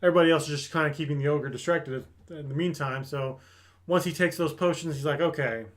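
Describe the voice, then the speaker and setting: A man with a slightly higher voice gives a relaxed, chatty recap of an anime episode. He tells the story with energy and now and then slips into the characters' lines, acting out their reactions. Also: fast talker. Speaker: anime review host.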